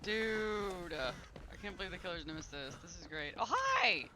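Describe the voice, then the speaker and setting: A man streaming live, chatting casually over his gameplay and often bursting into delighted yells. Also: sits high, moderate pace, noisy background.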